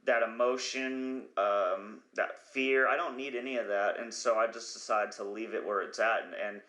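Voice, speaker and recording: A man's voice: lowish voice, steady tone, normal speed, pushed and bright, echoey room. A man hosting a podcast, talking in a rambling, profane comedic monologue who sometimes loses his train of thought. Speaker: podcast host.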